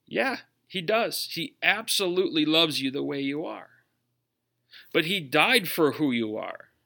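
A man's voice: on the high side, expressive, measured pace, vocal fry, sharp tone. A man with a Minnesotan accent, preaching a sermon earnestly, with emphatic rhetorical questions. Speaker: pastor.

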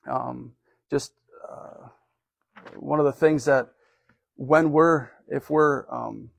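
A man preaches an informal sermon, thinking aloud with plenty of fillers and self-corrections. His voice sits in an ordinary middle pitch. The sound is dry, with little room echo. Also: gravelly. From United States. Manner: conversational, rambling with many fillers and restarts.

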